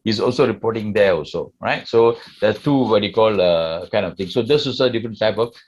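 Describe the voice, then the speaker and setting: A man's voice: fairly low pitch, fairly quick, a little mellow, husky. A man with a Malaysian English accent giving a classroom lecture and often asking the class questions. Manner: asks the class questions, tags sentences with "lah".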